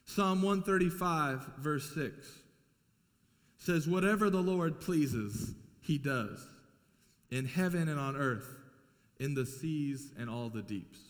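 A man's voice: on the high side, slow. A man preaching a sermon as pastor, emphatic and repeating key lines for weight. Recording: long hall reverb.

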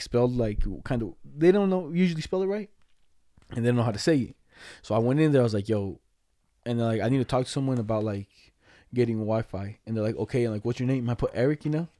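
A man's voice: mid-range voice, fast, warm tone, dry recording, studio quality. A young man telling a rambling story in casual chat, heavy on slang and swearing.

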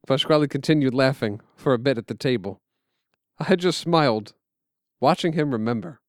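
A man telling a family story aloud, with expressive, dramatic narration. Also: mid-range voice, moderate pace, no echo, studio quality. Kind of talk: live storytelling.

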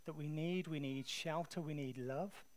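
An English man preaching a sermon in a conversational, animated storytelling way. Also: fairly high pitch, moderate pace.

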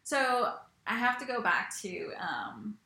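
Young female co-host, bright-toned, chatty and animated, echoey room. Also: medium pitch, slow pace. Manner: chatty, animated, laughs often. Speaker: podcast co-host. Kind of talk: casual chat.

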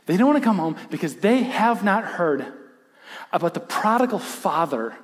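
A man preaching a sermon, animated in his storytelling, who acts out quoted lines and drops to a hushed intensity. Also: high-pitched, normal speed, big-room sound. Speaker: pastor.

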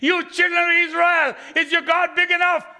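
A man voicing a boastful giant warrior who shouts a taunting challenge, during a sermon. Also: extremely high pitch, level tone, normal speed, long reverb tail, pitched above the performer's own voice, exaggerated voice.

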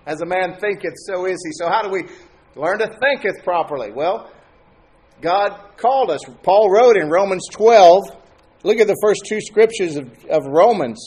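A man's voice: high-pitched, animated, normal speed, a little mellow. A man preaching a sermon as pastor, talking to his congregation in a conversational way and asking them questions.

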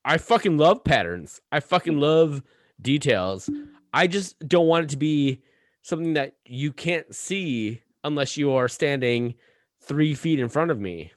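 A man's voice: fairly high pitch, expressive, unhurried, dry recording, studio quality. A man co-hosting a podcast, rambling and cursing with many restarts as he rants. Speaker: podcast co-host. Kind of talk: casual podcast chat.

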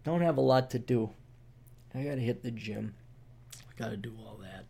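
A man's voice: medium pitch, normal speed, gravelly, mellow, slightly rough. A man hosting a casual podcast monologue, talking in a sarcastic, ranting way. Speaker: podcast host.

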